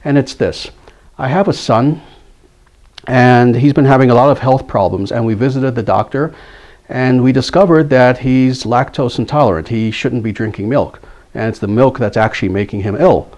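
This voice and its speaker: A man's voice: medium pitch, moderate pace, darkish tone, dull audio, close to an everyday voice. A man voicing a worried, hesitant mother who stammers as she pleads for help. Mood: pleading. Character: worried pleading mother, middle-aged woman.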